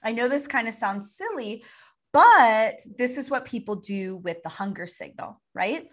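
Bright animated woman explaining with playful analogies. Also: on the high side. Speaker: podcast co-host, nutrition expert. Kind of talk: casual podcast chat.

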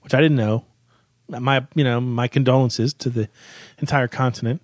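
A man's voice: mid-range voice, steady tone, moderate pace, dry recording. A man co-hosting a comedic music countdown, tossing out dry, sarcastic one-liners. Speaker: co-host.

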